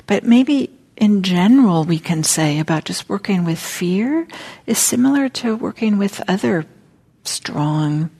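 Soft-spoken gravelly woman teacher. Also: mid-range voice, lively intonation. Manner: soft, halting, often near-whispered. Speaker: meditation teacher. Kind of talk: dharma talk. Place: meditation center.

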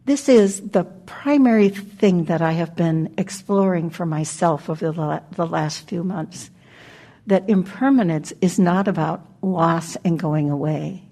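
An older woman gives a dharma talk in a low, gravelly voice with a husky edge. Her tone is mellow and dark. She speaks gently and reflectively, leaving pauses and laughing softly. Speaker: meditation teacher. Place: meditation hall.

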